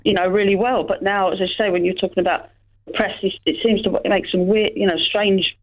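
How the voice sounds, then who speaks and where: A woman caller chatting casually about football, halting and full of fillers. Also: mid-range voice, fairly even intonation. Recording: tinny phone line.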